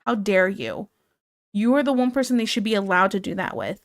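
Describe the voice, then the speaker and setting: A woman's voice: medium pitch, expressive, brisk, no room sound, clean studio sound. A woman from Ohio streaming while she draws, chatting casually and rambling as she answers her live chat and gets sidetracked.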